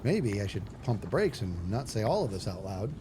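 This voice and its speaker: A man's voice: lowish voice, sing-song, normal speed, noisy background. A man streaming a game live, chatting in a rambling, self-mocking way as he thinks aloud. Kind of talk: live gaming stream chat.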